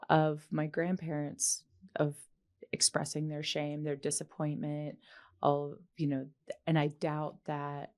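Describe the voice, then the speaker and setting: A woman's voice: deep voice, vocal fry, darkish tone. A woman hosting an interview podcast, talking in a casual, reflective way and laughing easily. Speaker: podcast host.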